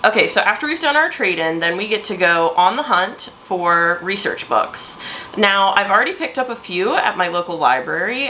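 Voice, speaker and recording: A woman's voice: fairly low pitch, pushed and bright, slight background noise. A woman talking chattily and expressively in a casual writing vlog, indoors at home. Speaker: author vlogger.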